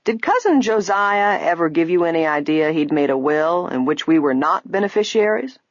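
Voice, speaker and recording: A woman's voice: fairly low pitch, animated, moderate pace, no echo. A woman voicing a gray-haired fruit farmer. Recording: dull, lo-fi, dry.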